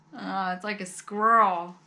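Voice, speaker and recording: A middle-aged woman chatting casually as she opens fan mail at home, gushing and exclaiming, with soft sighs and laughs. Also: medium pitch. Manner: often sighs and laughs softly. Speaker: vlogger opening fan mail. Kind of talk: casual chat.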